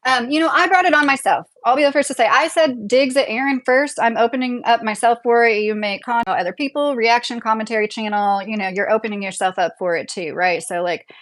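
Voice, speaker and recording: A woman's voice: fairly high pitch, brisk, hardly any pauses. A young woman hosting a casual livestream from her home, reading viewer comments aloud, chatty and opinionated, laughing often. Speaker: livestream host. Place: home, a double-wide trailer.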